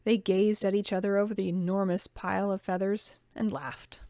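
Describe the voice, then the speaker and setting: A woman reading a novel aloud as an amateur audiobook narrator, calm and steady, with casual asides. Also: mid-range voice, moderate pace, hardly any pauses, no echo, clean studio sound.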